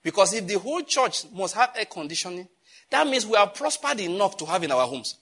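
A man preaching a sermon as pastor, animated and scolding, with jokes and sudden jumps in pitch. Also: fairly quick.

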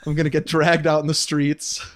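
Brief: male podcast co-host, slightly high pitch, jokey asides. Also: completely flat delivery. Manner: joking, laughs often, quick asides. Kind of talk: casual chat.

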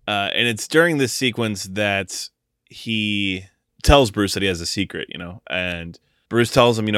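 A man with a lowish voice, recorded dry and close. He talks in a loose, animated way, swearing and acting out lines in goofy voices as he goes through a film. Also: smooth, dry recording. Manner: animated, profane, quick to act out lines in funny voices. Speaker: podcast co-host. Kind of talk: casual movie-discussion chat.

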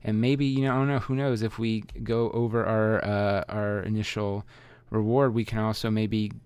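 A man's voice: fairly low pitch, level tone, normal speed, a little mellow, smooth, no room sound. A man hosting a live comedy podcast, rambling and self-deprecating, laughing easily. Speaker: podcast host. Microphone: podcast mic.

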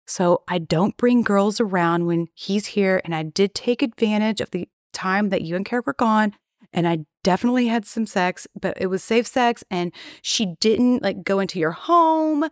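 A woman's voice: medium pitch, moderate pace, dry recording. Woman in her thirties, podcast guest, blunt and profane storyteller, dry close sound. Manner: candid, profane, acts out quoted dialogue. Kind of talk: casual storytelling.

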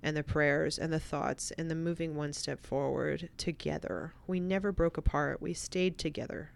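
Low-voiced woman telling an emotional story. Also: moderate pace, gravelly, clear, resonant tone. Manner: animated, swings from excited to hushed. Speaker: podcast guest.

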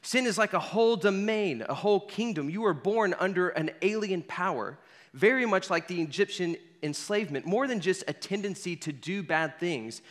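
A man's voice: high-pitched, animated, normal speed, fairly bright tone. A man preaching a sermon, guiding listeners through a scene in the second person and repeating key phrases for emphasis. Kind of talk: sermon with guided imaginative storytelling. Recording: long hall reverb.

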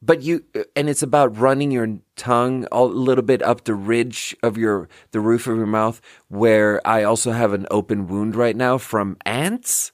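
A man's voice: fairly low pitch, fairly even intonation, a little slow, few pauses, no echo, studio quality. A man in his thirties, hosting a podcast, rants in a loose, self-mocking way and swears often. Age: 30s. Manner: self-deprecating, swears freely, jumps between thoughts. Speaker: podcast host. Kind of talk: casual comedic rant.

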